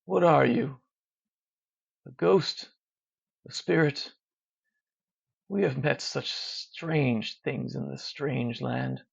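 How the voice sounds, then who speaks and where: A storyteller voicing a wounded, dying warrior man who slurs his words slowly and quietly. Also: mid-range voice, gravelly, husky, full character voice. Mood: weak, pleading. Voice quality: slurred speech. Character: dying trapped warrior man, slurring and desperate. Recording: dull lo-fi recording.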